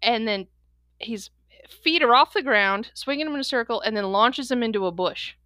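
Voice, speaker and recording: A young adult woman co-hosting a podcast, telling stories in a quick, animated way and laughing often. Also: fairly high pitch, no room sound, clean studio sound. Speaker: podcast co-host. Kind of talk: casual chat.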